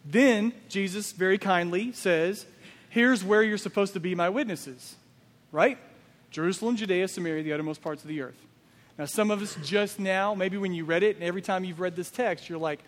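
A man's voice: sits high, moderate pace, long reverb tail. A man preaching a sermon as pastor, emphatic and full of rhetorical questions.

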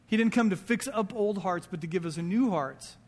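Male pastor, conversational sermon, higher voice, long hall reverb. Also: fairly quick. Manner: conversational preaching with quoted asides. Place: church sanctuary.

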